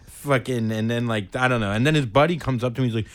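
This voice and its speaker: A young man co-hosting a casual chat, telling a profane, animated story. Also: mid-range voice, fast, dry recording. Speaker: podcast co-host.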